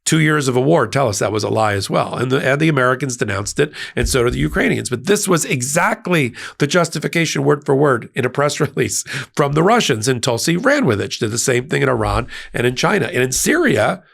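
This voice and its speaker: A man who runs a legal-political commentary channel gives a scornful, emphatic monologue, his pitch leaping widely. The voice is expressive, creaky and a bit bright, moving slightly fast.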